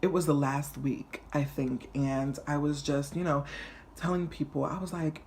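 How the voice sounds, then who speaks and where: A man in his twenties telling a personal story on his vlog in a chatty, flamboyant and animated way. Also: fairly high pitch, moderate pace, slight background noise. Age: 20s. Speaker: vlogger.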